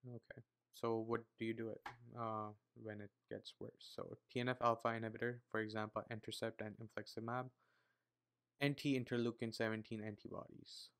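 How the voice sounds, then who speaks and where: A young man with an Indian accent reading medical study notes aloud, with many fillers and quiet muttered asides. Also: on the low side, gravelly, smooth. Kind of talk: casual read-aloud study session.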